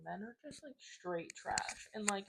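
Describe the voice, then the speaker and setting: A young woman in her twenties co-hosting a podcast, rambling in a loose, chatty way full of "like" and casual swearing. Her voice sits at an ordinary middle pitch. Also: lively intonation, measured pace, gravelly, slightly rough. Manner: chatty, swearing, laughs often, lots of "like"; reads dating app messages aloud in mocking voices. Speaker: podcast co-host. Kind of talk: casual chat.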